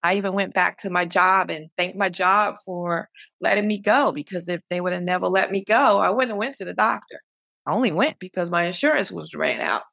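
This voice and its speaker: A woman's voice: fairly low pitch, fairly quick, vocal fry, a bit bright, dry recording. A young woman, a guest on an interview podcast, talking earnestly and encouragingly with many repetitions. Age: young adult. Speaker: guest, cancer survivor. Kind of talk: conversational interview.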